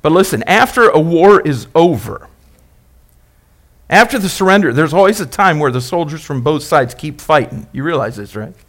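A male pastor preaching a sermon, emphatic and repetitive, asking the congregation questions and building phrases up, then dropping them low. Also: big pitch swings, normal speed. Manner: repeats and builds phrases, rising and dropping loudness.

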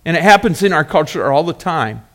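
A man's voice: a little high, expressive, fairly quick. Earnest male pastor preaching a sermon. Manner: earnest, builds from quiet review to emphatic teaching; repeats key words for emphasis.

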